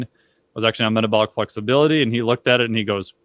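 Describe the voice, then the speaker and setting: A man speaking as a podcast guest, telling stories in a casual conversational way and acting out quoted voices with big jumps in pitch. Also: racing, a bit bright, no room sound.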